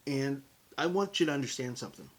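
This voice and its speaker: Brief: middle-aged American man, podcast host, husky and breathy tone, lively motivational talk aimed straight at the listener. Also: medium pitch, fast talker. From United States. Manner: animated and conversational, addresses listeners as folks.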